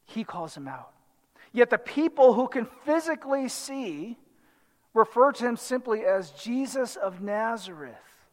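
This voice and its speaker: A man preaching a sermon, reading scripture and explaining it in an animated way, acting out the voices of the crowd. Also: very high-pitched. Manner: animated, dramatizes the crowd and the blind man in quotes. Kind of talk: expository sermon. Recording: long hall reverb.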